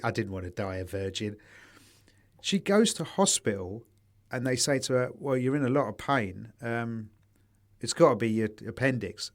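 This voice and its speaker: A man co-hosting a casual podcast chat, swearing freely and telling anecdotes with quoted voices. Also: medium pitch. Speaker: podcast co-host.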